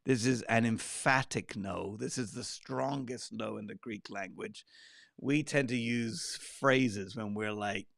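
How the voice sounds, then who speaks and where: A man leading a conversational Bible study. He is animated and breaks into quoted lines and side remarks. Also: lowish voice, slow, creaky.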